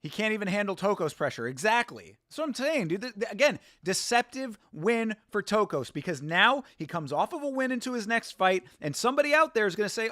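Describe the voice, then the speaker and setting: A man's voice: sits high, a little fast, hardly any pauses, no echo. Dry-voiced profane man commentating fights. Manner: animated, profane, sarcastic, laughs often. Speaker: show host. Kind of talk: casual live watch-along commentary.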